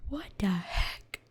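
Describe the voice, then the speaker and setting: A young woman streamer in a whispered ASMR chat, rambling and giggling at herself as she reads, close to the mic. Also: a bit bright. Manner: giggly, rambling, self-deprecating.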